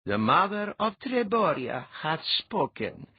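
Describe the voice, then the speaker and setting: A woman's voice: deep voice, big pitch swings, a little slow, slightly rough, no room sound, pitched above the performer's own voice, heavily acted. A man voicing a teasing young woman who speaks in mock-solemn old-fashioned tones. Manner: solemn mock-archaic intoning. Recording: dull lo-fi audiobook recording.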